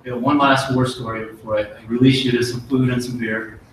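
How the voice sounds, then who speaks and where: A man's voice: mid-range voice, little pitch movement, far from the mic, a little hiss or hum. Earnest man in a very echoey hall. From United States. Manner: earnest, folksy storytelling with pauses and restarts. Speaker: army officer giving promotion speech. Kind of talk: ceremony speech with war story.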